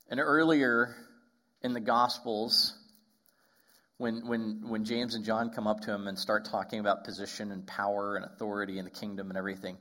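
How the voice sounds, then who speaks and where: A man preaching a sermon as pastor, talking conversationally with asides and restarts, and slowing right down on key phrases. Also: on the low side, little pitch movement, bright, forceful tone.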